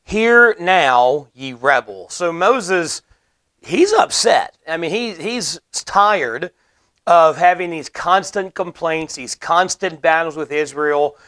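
A man's voice: fairly high pitch, slow, a bit bright. Earnest man preaching a sermon. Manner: earnest, explanatory preaching with emphatic repetition.

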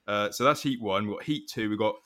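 A man's voice: lowish voice, brisk, a bit bright. A man hosting a casual podcast chat, joking and swearing as he goes through names. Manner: banter with swearing. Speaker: podcast host.

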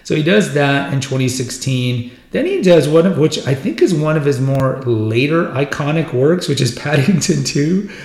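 A man's voice: a little high, big pitch swings, moderate pace, hardly any pauses, a little mellow. A man hosting a podcast, chatting casually and enthusiastically about a film career in a rambling, conversational way. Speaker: podcast host. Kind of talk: casual film retrospective chat. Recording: roomy echoey room sound.

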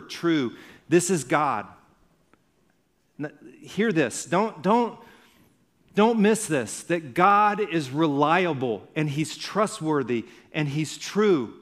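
A pastor preaching a sermon with earnest emphasis, repeating words and phrases to drive his point home. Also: a little high. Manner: earnest, builds to fervent emphasis then drops to hushed intensity.

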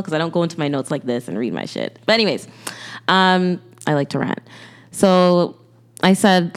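A woman, co-hosting a podcast in a casual, earnest way with lots of "like" fillers. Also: fairly low pitch. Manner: earnest, halting, many "like" fillers. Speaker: podcast co-host.

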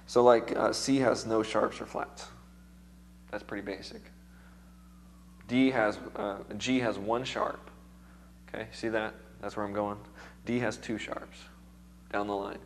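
A man with a medium-pitched voice teaches music theory to a worship class, keeping things casual and encouraging and checking in with his students often. His voice sounds a little worn, as if recovering, and there's slight background noise.

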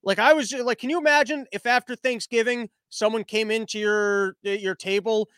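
Comedian host, male, high-pitched, crude rambling monologue, dry close sound. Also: steady tone, moderate pace, a bit bright, smooth, dry recording. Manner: rambling, crude, self-interrupting.

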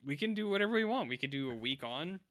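Bright animated guy cohosting a podcast, playful rambly banter, dry mic. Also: on the high side, quick pace, dry recording. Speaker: podcast co-host. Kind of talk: casual chat.

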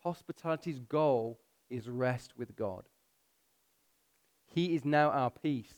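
A pastor preaching a sermon, pushing his voice up for emphasis and slowing down to read scripture. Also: medium pitch, darkish tone.

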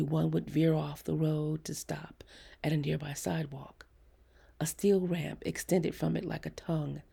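A woman reading a short story aloud as an audiobook narrator, in a husky, gravelly, half-whispered, hushed voice. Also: deep voice. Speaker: audiobook reader.

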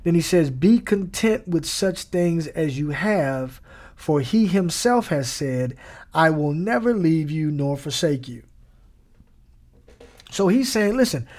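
A man's voice: a little high, a little mellow. Man preaching in a casual, emphatic way. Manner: casual, repetitive, emphatic with slang. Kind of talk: conversational sermon.

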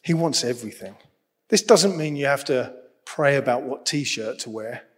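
A man preaching a sermon in a lively, humorous, conversational way. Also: mid-range voice, moderate pace, husky. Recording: long reverb of a large hall.

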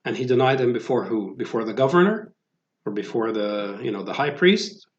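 A preacher with a medium-pitched voice gives an animated sermon at a moderate pace, speaking conversationally with lots of fillers and restarts. The recording is roomy and dull, with a lo-fi quality.

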